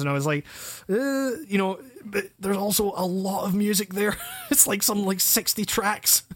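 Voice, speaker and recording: A man's voice: high voice, animated, moderate pace, a bit bright. Stammering man hosting a podcast. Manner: swearing, stammering restarts, laughing often. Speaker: podcast host. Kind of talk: casual chat.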